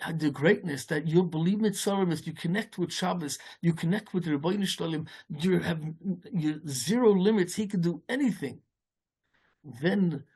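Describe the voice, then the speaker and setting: A man giving an informal Torah talk as a rabbi. He speaks haltingly, with many restarts, and mixes Yiddish and Hebrew terms into his English. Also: darkish tone, breathy edge. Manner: storytelling, rising in pitch as the tale builds.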